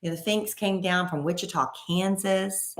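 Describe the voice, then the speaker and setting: A woman co-hosting a podcast, telling a story in a casual, animated way and acting out what people said. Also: on the low side, normal speed, reverberant. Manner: animated, acts out quoted voices. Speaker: podcast co-host.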